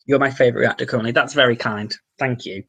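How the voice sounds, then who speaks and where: A man's voice: mid-range voice, fairly even intonation, fast, gravelly, fairly bright tone, breathy edge, highs cut off. A man from the Wirral with a Merseyside accent, hosting a casual livestream Q&A, reading out viewer comments and answering them, swearing now and then. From the Wirral, England. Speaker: livestream host.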